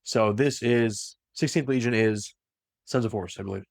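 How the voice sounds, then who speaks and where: A man casually recapping a story for a co-host, slipping into quick voiced quotes of the characters. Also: on the low side, creaky, no echo, studio quality. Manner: animated retelling that slips into quick voiced quotes. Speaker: podcast host recapping lore. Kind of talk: casual lore recap chat.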